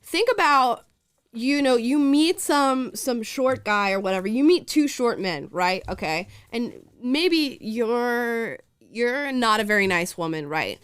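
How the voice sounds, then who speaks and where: A young woman hosts a casual reaction video. She talks in an animated, playful and sarcastic way. The sound is dry and close, with no room around her voice. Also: a little high, unhurried, clean tone, no room sound. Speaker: host reacting to a panel video.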